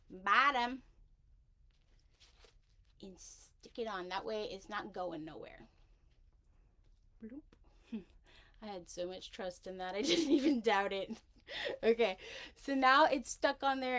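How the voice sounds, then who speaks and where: A woman's voice: a little high, rough recording. A woman hosting a casual livestream craft demonstration, chatty and rambling, often breaking off with a laugh. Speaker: craft tutorial host.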